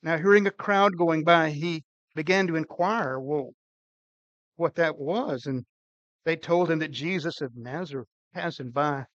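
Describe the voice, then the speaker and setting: High bright older male preacher. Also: a little slow, dry recording, dull audio. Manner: emphatic preaching with strong swings in loudness. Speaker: pastor. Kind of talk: sermon.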